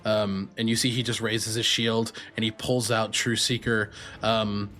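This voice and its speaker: A man running a tabletop game as game master, narrating rules and moves in an unhurried, casual way. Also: fairly low pitch, little pitch movement, a bit bright, faint music behind.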